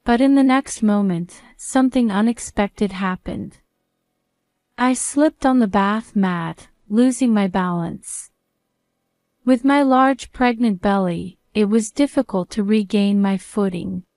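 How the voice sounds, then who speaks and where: A woman narrating a first-person story in a calm, even reading voice. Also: mid-range voice, slow pace, no room sound, studio quality.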